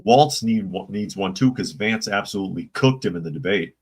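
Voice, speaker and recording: A man's voice: fairly low pitch, lively intonation, normal speed, slightly rough. A man hosting a casual live-stream commentary show, opinionated and rambling, reading viewer chat comments aloud. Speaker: political commentary channel host.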